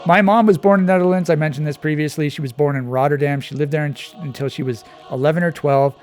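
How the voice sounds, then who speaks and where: A man's voice: on the high side, fairly even intonation, fast talker, darkish tone, faint music behind. A man giving casual, digressive commentary while playing a map quiz, thinking aloud as he goes. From Canada. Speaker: quiz channel host.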